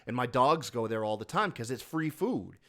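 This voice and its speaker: At normal speed and in a mid-range voice, a podcast host rambles through a story. It's casual, animated and profane, and he breaks into laughter along the way.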